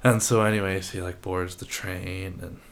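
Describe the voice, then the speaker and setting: A man's voice: deep voice, little pitch movement, normal speed, vocal fry, a little hiss or hum. A man co-hosting a podcast, rambling through an improvised comedic story and laughing often. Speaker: podcast co-host.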